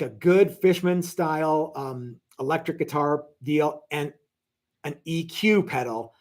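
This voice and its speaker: A guitar shop owner hosts a laid-back live stream from his workshop, his voice sitting a little high for a man. He's chatty and rambling, working through viewer questions with lots of fillers, restarted sentences and jokes.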